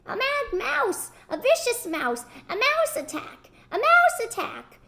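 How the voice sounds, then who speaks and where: A woman voicing a greedy female bug collector in a children's storybook reading, with loud, exclaiming shrieks. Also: sits high, big pitch swings, slow pace, exaggerated voice. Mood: panicked shrieking.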